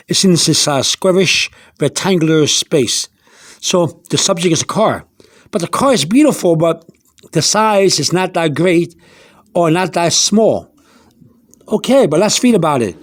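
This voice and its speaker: Slow, high-voiced man teaching vocabulary. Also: dry recording, studio quality. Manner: slow and repetitive, spells words out letter by letter; meandering, with many restarts and fillers. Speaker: Spanish teacher. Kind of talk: informal vocabulary lesson.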